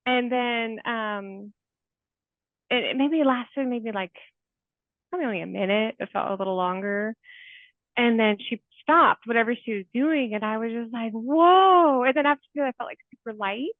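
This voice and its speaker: Her voice slightly high and her pace moderate, a woman in her forties who works as a therapist tells heartfelt stories as an interview guest, sprinkling in many "like"s. There's no room sound, but the remote call audio comes through tinny, like a phone.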